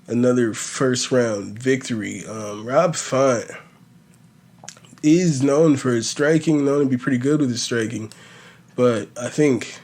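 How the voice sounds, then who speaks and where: Profane rambling man with a slight lisp. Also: mid-range voice. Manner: profane, rambling, animated storytelling. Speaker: podcast host. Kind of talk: casual fight-prediction chat.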